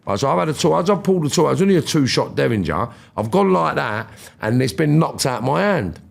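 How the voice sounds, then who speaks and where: Gravelly man telling war stories. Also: a little high, fast talker. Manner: animated, acts out quoted voices, swears freely. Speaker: guest. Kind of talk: casual storytelling.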